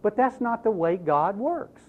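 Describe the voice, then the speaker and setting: Male preacher, sermon, highish voice with swooping emphasis, tinny narrow recording. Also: unhurried. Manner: animated, emphatic preaching with rhetorical questions. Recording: tinny, phone-like narrow sound.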